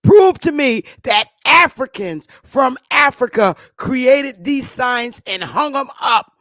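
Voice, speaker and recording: A woman's voice: high voice, animated, slow pace, fairly bright tone, no echo, clean studio sound. A woman host delivering an impassioned commentary monologue, blunt and emphatic, with frequent profanity.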